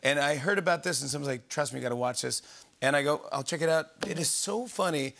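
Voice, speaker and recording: A man hosting a talk show, reacting eagerly with quick laughs and short interjections. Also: fairly high pitch, vocal fry. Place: TV studio with live audience. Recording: studio with loud crowd and noise. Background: audience laughter.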